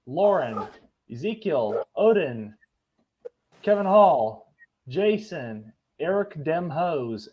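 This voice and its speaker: A man co-hosting a casual livestream, talking slowly and haltingly as he reads out viewer names over a weak home internet connection. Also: fairly high pitch, a little hiss or hum. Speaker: co-host reading giveaway names. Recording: muffled lo-fi internet audio with faint music.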